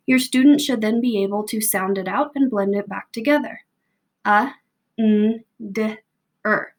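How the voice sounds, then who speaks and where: A young American woman teacher recording a patient, step-by-step spelling lesson for families. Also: fairly high pitch. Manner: patient, slow, step-by-step prompting. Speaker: second grade teacher. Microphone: home video recording.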